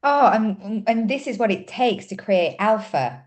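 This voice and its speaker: A woman's voice: mid-range voice, expressive, unhurried, a little mellow. A woman hosting a podcast, speaking in an enthusiastic, emphatic way. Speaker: podcast host. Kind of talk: casual interview talk.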